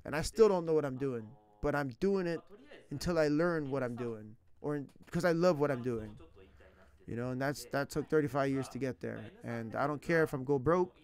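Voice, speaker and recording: A man's voice: mid-range voice, moderate pace, darkish tone. A man in his thirties chatting casually as a language teacher streaming online, slangy, rambling and earnest. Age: 30s. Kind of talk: casual chat.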